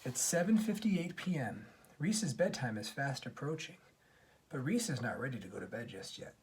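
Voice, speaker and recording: A father reading a bedtime storybook aloud to his daughter in an animated, gentle storytelling manner. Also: mid-range voice, moderate pace, husky.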